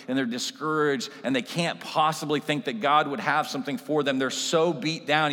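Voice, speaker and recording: A man's voice: on the high side, fairly bright tone. A man preaching a sermon in a church, in a conversational style that keeps checking in with the congregation. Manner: conversational preaching with frequent tag questions. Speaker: pastor. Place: church sanctuary. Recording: long reverb of a church hall.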